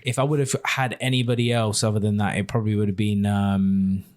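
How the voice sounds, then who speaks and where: Mellow-voiced English podcast man. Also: on the low side, level tone, fairly quick, no echo, clean studio sound. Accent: southern English, near London. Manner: easygoing, trails off and searches for names. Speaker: podcast co-host. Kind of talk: casual chat.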